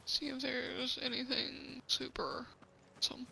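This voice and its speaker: A woman's voice: a little high, animated, moderate pace, vocal fry, sharp tone, slight background noise. A woman casually commenting as she plays a video game, chatty and sometimes dropping to a whisper. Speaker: gamer.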